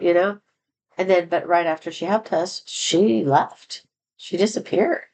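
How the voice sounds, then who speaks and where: A woman's voice: lowish voice, a little slow, darkish tone, rough recording. A woman telling a personal story in a candid, rambling way, with many fillers and restarts. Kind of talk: casual storytelling monologue.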